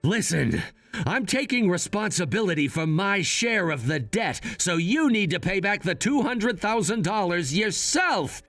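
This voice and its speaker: A man acts out a firm young adult son who lays out his case coolly. His voice is high for a man and swings up and down a lot. It sounds dry and close, with faint music behind. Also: very animated, measured pace, fairly bright tone, no room sound, full character voice. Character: cold, unbending adult son. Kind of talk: scripted drama voice-over.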